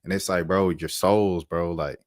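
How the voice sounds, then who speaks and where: Man, deep low voice, commentary host, animated repetitive talk, dry close sound. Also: measured pace, dry recording. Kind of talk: casual commentary monologue.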